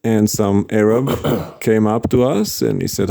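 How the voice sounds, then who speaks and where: A man's voice: fairly low pitch, a little slow, creaky, dark tone. A man casually telling a story about street preaching, chatty, with frequent laughs and fillers.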